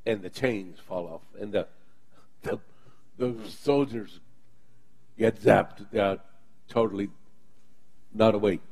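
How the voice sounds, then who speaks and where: A man's voice: on the low side, moderate pace, pauses often, a little mellow, husky. A man preaching a sermon, reading scripture and telling the story with dramatic emphasis and sound effects.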